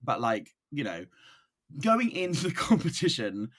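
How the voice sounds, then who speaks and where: A man from Brighton with an English accent, a guest on a podcast, chatting casually with hesitant pauses and playful teasing. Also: medium pitch, huge pitch swings. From Brighton, England. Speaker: guest drag performer.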